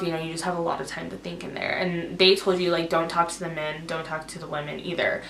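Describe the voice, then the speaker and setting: A young woman rambles through an emotional storytime, her voice sitting a little low for a woman and filled with "like". She talks in an echoey indoor room. There is a faint hiss of noise underneath. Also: brisk, a bit bright. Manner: rambling, emotional retelling full of "like". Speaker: vlogger. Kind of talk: casual storytime.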